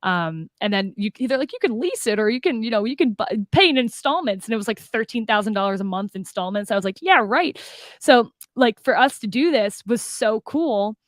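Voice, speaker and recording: Excitable young woman, dry sound. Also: on the high side, fairly quick, few pauses, no echo. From Arizona. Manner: enthusiastic, acts out dialogue, fillers like "like" and "oh my God". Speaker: guest, food business owner. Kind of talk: animated storytelling interview.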